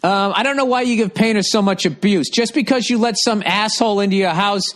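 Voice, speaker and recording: A man's voice: high-pitched, brisk, fairly bright tone. A middle-aged man ranting profanely and sarcastically as a podcast host, reading out listener comments and firing back. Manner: reads listener comments aloud and answers them. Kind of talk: ranting monologue.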